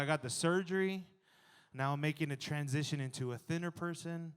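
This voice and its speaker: A man in his thirties performing a stand-up comedy set, animated and jumping to loud exclaiming in the acted-out bits. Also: fairly high pitch, a little fast, a little hiss or hum. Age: 30s.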